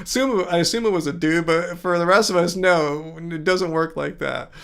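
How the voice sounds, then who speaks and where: A man's voice: fairly high pitch, normal speed, gravelly, a bit bright, clear, resonant tone. A man hosting a casual livestream, chatting, laughing often and answering viewers in the chat. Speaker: livestream host.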